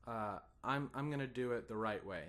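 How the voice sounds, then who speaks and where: A man's voice: mid-range voice, normal speed, a bit bright. A man gives a guitar lesson in a patient, encouraging way. He counts in the student and sings strum rhythms as plain syllables, stressing some beats. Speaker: guitar teacher.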